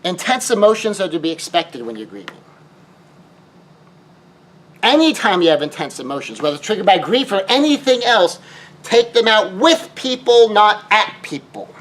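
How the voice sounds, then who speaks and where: Male grief speaker with a higher-than-usual voice. Lectures emphatically and leans on repetition. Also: big pitch swings, moderate pace, a bit bright, poor audio. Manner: emphatic, repeats key phrases, asks rhetorical questions.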